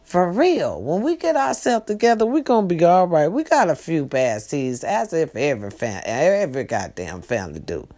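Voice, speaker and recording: A woman talks straight to her viewers in a casual live monologue. Her voice sits on the low side, but her pitch swings widely. She keeps checking in with her audience, then drops into quiet asides. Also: moderate pace, hardly any pauses. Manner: animated, swings between loud outbursts and hushed asides. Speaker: host.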